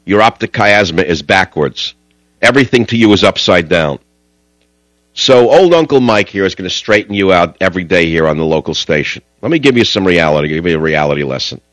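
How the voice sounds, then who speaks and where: Ranting talk radio host, low voice. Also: male voice, lively intonation, fairly quick, fairly bright tone, no echo, rough recording. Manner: combative, ranting, rambling.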